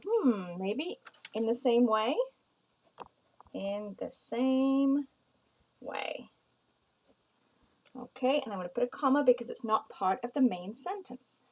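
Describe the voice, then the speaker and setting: A woman from the United States teaching a writing lesson, explaining slowly and reading example sentences aloud. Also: on the high side, lively intonation, darkish tone, poor audio.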